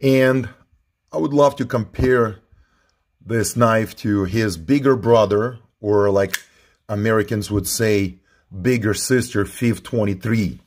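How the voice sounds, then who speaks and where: Low-voiced man reviewing knives. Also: slow pace. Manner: informal, repeats himself while handling the knife. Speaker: knife reviewer. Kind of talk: casual product review.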